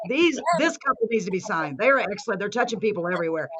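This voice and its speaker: A woman hosting a live show, excitable and bubbly, talking fast. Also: medium pitch, dull audio, slight background noise. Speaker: host.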